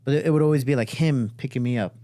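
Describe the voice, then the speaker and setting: Chicago man, casual guest storyteller, mid-range voice, jumps high when quoting people, dry close studio mic. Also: quick pace, dry recording. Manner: animated, acts out quoted voices with big jumps up in pitch, swears freely.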